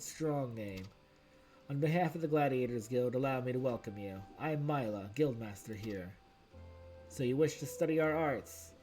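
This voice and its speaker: A man's voice: medium pitch, warm tone, close to an everyday voice, low-quality recording. A man voicing a stern female sword guildmaster in a video game, speaking formally.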